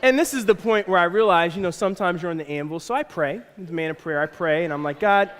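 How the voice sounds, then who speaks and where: A man preaches to his church, telling a family story with lots of animation and acted-out voices. His voice sits high for a man. The sound carries the long echo of a large hall. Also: fast. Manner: animated, acts out voices of his kids and wife. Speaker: pastor. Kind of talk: sermon storytelling. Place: church auditorium.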